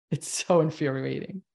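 A woman in her fifties, a doctor speaking as a podcast guest, talking emphatically in animated bursts. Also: deep voice, a little slow, vocal fry, slightly rough. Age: 50s. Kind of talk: casual interview talk.

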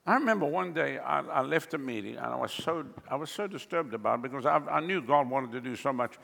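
A man preaching a sermon as pastor, animated, with sweeping pitch jumps and chuckling asides. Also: quick pace, creaky, long reverb tail.

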